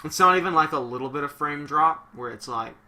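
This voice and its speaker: A young man commentating a wrestling video game on a live stream, excitable and swearing a lot, shouting one moment and muttering the next. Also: a little high, fairly quick.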